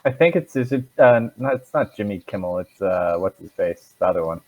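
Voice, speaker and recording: A man's voice: fairly low pitch, lively intonation, a little fast, a little mellow, highs cut off. A man chatting casually and loosely with fellow players, rambling with fillers. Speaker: tabletop game player. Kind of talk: casual chat.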